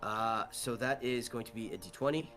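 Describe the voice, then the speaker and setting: A man's voice: medium pitch, moderate pace, a bit bright, soft background music. A young man running a tabletop game as game master, rambling and swearing as he narrates.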